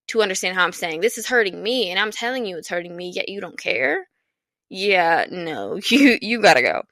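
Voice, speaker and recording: Young woman podcast host, bright forceful voice, dry close mic, blunt and swearing a lot. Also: lowish voice, dry recording. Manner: candid, profane, animated advice-giving. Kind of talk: casual solo podcast monologue.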